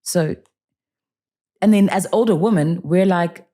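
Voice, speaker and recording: Husky low-voiced woman. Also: a little slow, pauses often. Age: 40s. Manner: animated storyteller acting out dialogue. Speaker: podcast guest. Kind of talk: casual interview talk.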